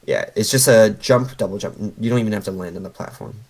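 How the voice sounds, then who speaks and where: A man's voice: fairly low pitch, fast talker, creaky, low-quality recording. A man coaching a player over a voice call, patiently explaining step by step with lots of fillers. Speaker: game coach.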